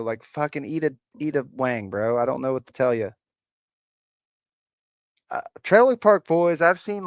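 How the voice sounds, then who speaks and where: A man's voice: mid-range voice, smooth, dry recording. A man hosting a live stream, chatting casually and mocking commenters in a profane, rambling way. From United States. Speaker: livestream host. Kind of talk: casual livestream chat reacting to comments. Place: rural home.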